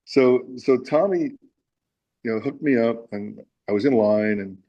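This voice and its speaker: A man's voice: mid-range voice, measured pace, lo-fi sound. A man guest in a casual interview, telling a story with lots of fillers and acted-out quotes. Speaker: musician guest.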